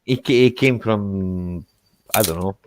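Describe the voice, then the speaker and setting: A man's voice: fairly low pitch, a little slow, slight background noise. A man hosting a casual chat about cars, easygoing, often ending lines with a questioning tag. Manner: easygoing, tags sentences with "eh".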